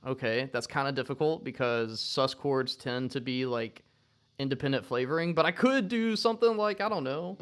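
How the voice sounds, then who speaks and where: A man talking casually to camera about guitar and music, rambling and relaxed, full of slang, now and then cooing at his dog. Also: medium pitch, normal speed, smooth. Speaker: guitarist and vlogger.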